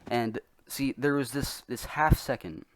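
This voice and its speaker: A man's voice: medium pitch, fairly even intonation, unhurried, no echo. Young man, casual storytelling, rambling, self-mocking, chuckles, dry close sound. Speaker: vlogger.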